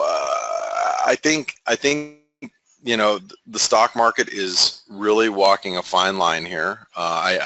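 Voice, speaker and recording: A man giving casual market analysis, halting with many fillers and restarts. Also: low-pitched, sharp tone, no room sound, poor audio.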